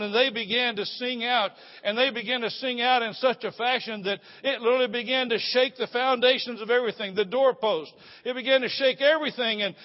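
A man preaching a sermon as a pastor, swinging between loud proclamation and hushed, low confiding. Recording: muffled sound with long hall reverb.

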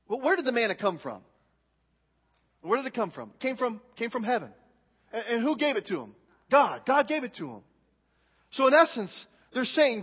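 A man preaching a sermon, leaning hard on drawn-out stresses and repeating words for emphasis. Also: very high-pitched, very animated, slightly rough, big-room sound, highs cut off. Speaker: pastor.

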